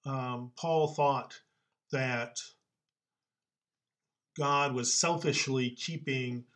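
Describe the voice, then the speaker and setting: A man explaining scripture in a casual Bible-study chat, patient and explanatory, quick to laugh. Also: mid-range voice, steady tone, a bit bright.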